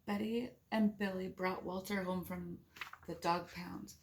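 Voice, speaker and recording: A woman's voice: lowish voice, steady tone, measured pace. A woman reading a picture book aloud to her children, playful and giggly, breaking off for chatty asides and animal noises.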